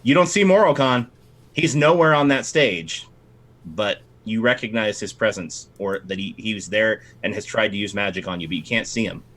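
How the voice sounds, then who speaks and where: A man narrating as dungeon master, animated and quick, shifting between tense description and playful banter. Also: lowish voice. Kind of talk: narrating a tabletop game.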